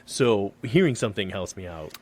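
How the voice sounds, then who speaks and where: A man's voice: on the low side, lively intonation, normal speed, slight background noise. A man co-hosting a casual podcast, reading an article aloud over a remote call, joking and tripping over words. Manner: joking, self-deprecating, stumbles over words. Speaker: podcast co-host.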